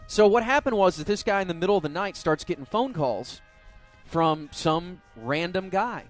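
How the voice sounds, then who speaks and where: Male radio host, casual storytelling, laughs often, slightly high voice, faint music underneath. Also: expressive, normal speed. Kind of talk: casual chat.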